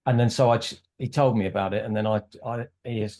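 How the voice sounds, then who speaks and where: Guy guesting on a podcast, kinda low voice, rambles through his story doing little quote voices. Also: steady tone, fast, hardly any pauses, darkish tone. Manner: rambling, acts out quoted dialogue. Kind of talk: casual conversational storytelling.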